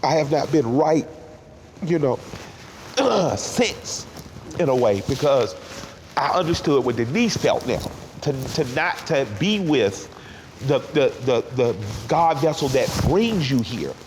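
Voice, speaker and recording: A middle-aged man from Atlanta, talking candidly and emotionally in a sit-down interview, with halting restarts. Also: on the high side, animated, darkish tone. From Atlanta, Georgia. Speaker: interview guest. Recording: roomy hall with faint background noise.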